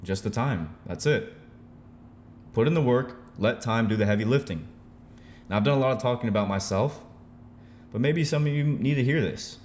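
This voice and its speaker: A man's voice: mid-range voice, lively intonation, brisk, long pauses, a little hiss or hum. A male day trader giving a fired-up, profane motivational rant straight to his viewers, full of rhetorical questions. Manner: intense, profane, emphatic, preachy.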